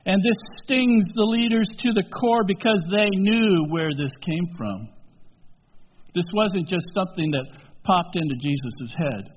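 High-voiced preacher in a tinny echoing hall. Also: male voice, slight background noise. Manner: swings from low, quiet asides to loud, emphatic high-pitched peaks; stretches key words slowly for emphasis. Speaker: pastor. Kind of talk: sermon. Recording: tinny phone-like sound in a reverberant hall.

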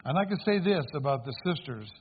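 A man with a slightly high, husky voice tells his story in a sermon. He speaks earnestly and turns to the congregation with questions. The sound is thin and tinny, like a phone line. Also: lively intonation, fairly quick. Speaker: preacher giving testimony. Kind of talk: sermon testimony.

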